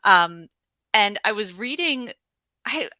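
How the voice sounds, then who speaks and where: A woman's voice: medium pitch, expressive, takes it slowly, sharp tone, no echo. A woman hosting a virtual trivia night on a video call, upbeat and chatty with frequent laughs. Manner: upbeat, chatty, laughs often, many fillers.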